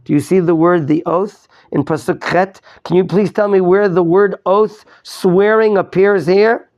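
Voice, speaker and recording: A man's voice: high voice, steady tone, a little slow, darkish tone, muffled recording. A male rabbi teaching a Torah class, quizzing his students, repeating his questions and mixing in Hebrew terms. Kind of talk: interactive Torah lesson.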